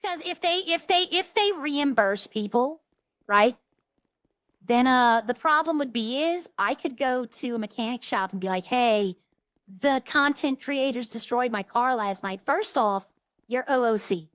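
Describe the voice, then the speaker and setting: A woman streamer talks casually while she plays, rambling from one story to the next. Her voice sits a little high. The sound is close and dry. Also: moderate pace, no echo. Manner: rambling, chatty, animated when retelling stories. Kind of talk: casual chat while streaming a role-play game.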